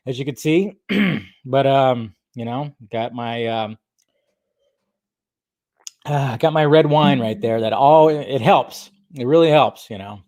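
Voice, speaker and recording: A man's voice: medium pitch, slow pace, a little mellow, no room sound. A young man hosting a casual live stream, chatting and greeting viewers by name, with a slight throaty cough. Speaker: livestream host. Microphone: desk microphone.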